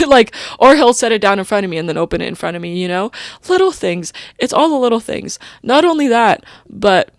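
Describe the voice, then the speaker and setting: A woman's voice: mid-range voice, expressive, a little fast, no echo, clean studio sound. A young woman hosting a podcast, talking in a rambling, personal, stream-of-consciousness way full of "like" and "you know". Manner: emotional, openly personal. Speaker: podcast host. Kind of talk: casual confessional monologue.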